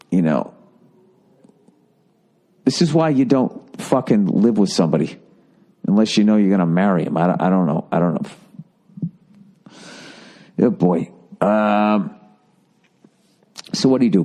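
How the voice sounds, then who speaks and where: Reading out a listener's letter, a comedy podcast host rants casually and dishes out blunt breakup advice laced with heavy swearing. His mellow voice sits lowish, and he stumbles with fillers and restarts ahead of each punchline.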